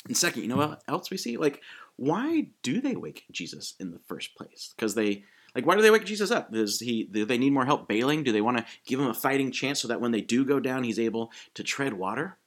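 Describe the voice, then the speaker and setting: A man preaching a sermon in a casual, animated way, acting out quick quotes as he goes. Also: mid-range voice. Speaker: pastor.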